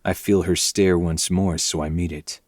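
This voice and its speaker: A man reading a dark novel aloud in first person, with low, intense, brooding delivery. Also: fairly even intonation, moderate pace, dry recording, studio quality. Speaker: podcast host reading a novel.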